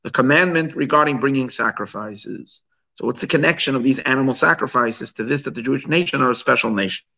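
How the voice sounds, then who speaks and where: A man's voice: mid-range voice, quick pace, creaky, pushed and bright, dull audio. A man teaching a text study class, asking rhetorical questions and mixing Hebrew and Yiddish terms into his English explanation. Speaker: Torah teacher.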